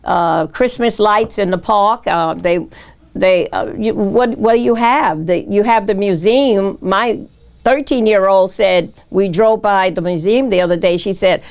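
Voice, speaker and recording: Halting woman candidate at a forum. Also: mid-range voice, darkish tone. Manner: halting, many fillers and restarts. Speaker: mayoral candidate.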